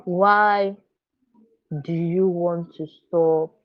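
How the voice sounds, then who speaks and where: A woman's voice: on the low side, steady tone, extremely slow. Earnest woman coaching parents, dull lo-fi sound. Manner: earnest, coaxing, often asks "you understand?". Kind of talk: live online parenting workshop talk.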